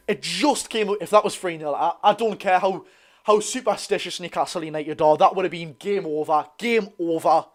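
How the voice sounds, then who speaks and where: A young man with a Geordie accent giving excitable, bantering live commentary on a football match while reading out viewer comments. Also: fairly high pitch, fairly quick. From North East England. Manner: excitable, banter-filled, reads chat aloud. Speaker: football channel host.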